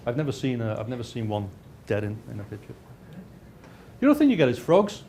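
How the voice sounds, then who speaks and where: A man of middle pitch lectures over slides, stumbling and restarting often. He drops in dry, self-mocking jokes, and a faint hiss runs underneath. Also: huge pitch swings, fast, darkish tone. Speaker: lecturer and researcher.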